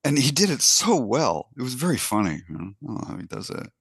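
A man's voice: medium pitch, big pitch swings, quick pace, gravelly, slightly rough, dry recording. A man co-hosting a podcast in casual chat, hesitant and self-doubting, restarting his sentences often. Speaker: podcast co-host.

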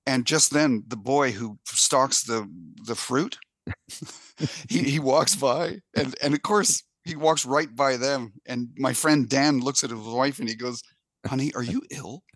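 A man's voice: medium pitch, takes it slowly, fairly bright tone, dry recording. Rambling male podcast storyteller, dry mic. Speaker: podcast co-host. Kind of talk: casual comedic chat.

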